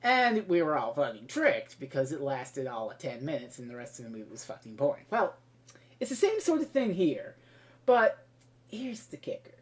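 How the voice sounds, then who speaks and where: Woman, comedic movie review rant, very lively pitch, profane, exasperated, outbursts and mutters. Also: moderate pace. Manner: profane and exasperated, breaking into laughter; swings between loud outbursts and muttered asides.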